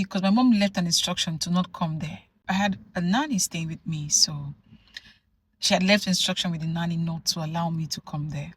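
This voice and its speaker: A woman from Nigeria telling a personal story to camera in an animated, conversational way, full of asides. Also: fairly low pitch, breathy edge. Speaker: vlogger. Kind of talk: storytelling vlog.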